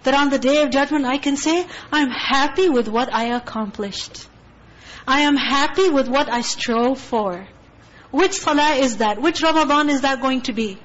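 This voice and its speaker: A woman giving a Quran tafsir lesson, earnest and full of rhetorical questions, reciting Arabic verses quickly between her explanations. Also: high-pitched, highs cut off. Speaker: Quran teacher.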